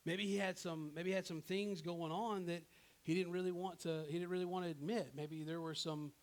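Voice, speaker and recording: A man's voice: sits high, fairly quick. A pastor preaching a sermon in a casual, conversational way, acting out the people in his story and checking in with "right?". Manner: animated, acts out characters in his own voice; conversational, often asks "right?".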